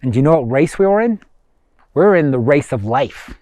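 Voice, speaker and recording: A man's voice: on the high side, big pitch swings, moderate pace, a little mellow, no room sound. A man voicing a nagging, discouraging inner voice that keeps repeating itself. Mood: calm. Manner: repetitive, insistent.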